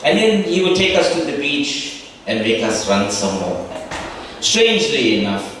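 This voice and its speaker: A middle-aged man gives a reflective, warmly humorous spoken tribute at a reunion in a large, echoey hall. His mid-range voice is very animated and unhurried, heard in a distant, echoey recording with faint ambience and slight background noise.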